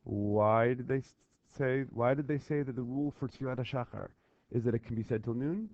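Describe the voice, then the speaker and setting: A man teaching a text lesson, lively and persistent as he drills key phrases and keeps checking that students follow. His voice sits at a middle pitch. The recording is close and dry, with a slightly dull, lo-fi tone. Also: no echo. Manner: animated, chanting call-and-response drills and pausing to check understanding. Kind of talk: explaining a worksheet on a Talmud text.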